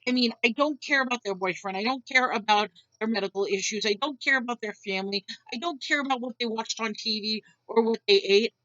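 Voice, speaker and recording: A woman's voice: fairly high pitch, brisk, few pauses, sharp tone, dry recording, highs cut off. A woman venting a blunt, exasperated rant to camera, swearing freely as she retells her day. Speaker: vlogger.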